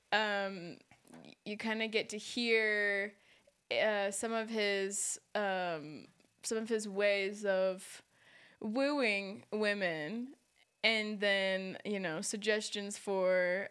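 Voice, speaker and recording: A woman's voice: mid-range voice, very slow, a bit bright, clear, resonant tone. A woman improv performer chatting easily on a live show, with many fillers. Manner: easygoing, hesitant with fillers.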